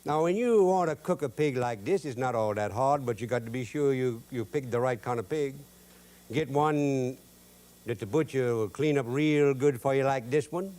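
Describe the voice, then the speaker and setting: A man's voice: mid-range voice, moderate pace, darkish tone. A man with a Cajun accent hosting a cooking show, drawling and joking in homespun, broken-grammar talk. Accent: Cajun English. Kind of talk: folksy cooking demonstration with jokes.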